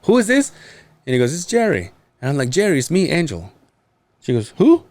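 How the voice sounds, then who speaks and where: Man, podcast host, casual storytelling, lively pitch, swears a lot, does voices. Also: a little fast, dry recording. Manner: animated, mimics others with high-pitched voices, swears often.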